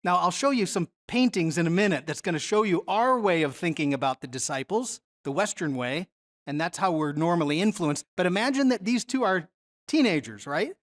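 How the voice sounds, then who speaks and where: A Bible teacher leading a Bible study lesson in a relaxed, conversational way, often stopping to put questions to the listeners. The voice sits at an ordinary middle pitch. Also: fairly quick. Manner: conversational, asks the audience questions.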